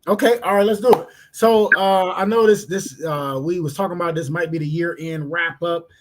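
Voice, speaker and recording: A man from Cleveland co-hosting a podcast, telling a story in a casual, animated way and acting out the voices in it. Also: high voice, moderate pace, a little hiss or hum. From Cleveland, Ohio. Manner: animated, laughing, acts out voices in his stories. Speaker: podcast co-host.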